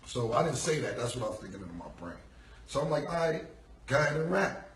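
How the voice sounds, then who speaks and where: A man's voice: medium pitch, sing-song, fast. A man casually telling a long story from his past in loose, profane street slang, acting out what people said. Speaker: rapper telling a story on a live stream. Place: room, streaming from a phone. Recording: echoey phone audio from a distance.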